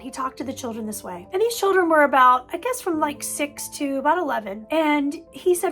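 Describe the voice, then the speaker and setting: Earnest high-voiced woman therapist. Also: animated, a little fast, hardly any pauses, a bit bright, faint music behind. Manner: earnest, repeats words for emphasis. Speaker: family therapist. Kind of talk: advice talk to parents.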